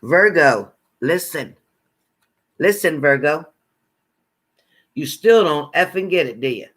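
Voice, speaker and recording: A fairly high-voiced man reading psychic messages sign by sign. He talks bluntly and bossily, repeating his orders and swearing freely as tough love. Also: expressive, slow, a bit bright. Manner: profane, repetitive, bossy tough-love commands. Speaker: psychic card reader.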